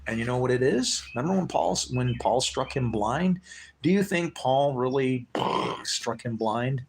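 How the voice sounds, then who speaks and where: A man's voice: mid-range voice, lively intonation, a little slow, gravelly, slightly rough. A man hosting his own live stream, rambling loosely between thoughts, swearing freely and laughing to himself. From United States. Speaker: livestream host.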